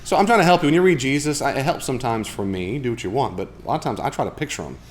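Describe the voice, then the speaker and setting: A man leading a casual Bible study group, chatty and animated, talking with asides to the people in the room. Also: medium pitch, rapid-fire, slight background noise. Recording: live room recording, faint background.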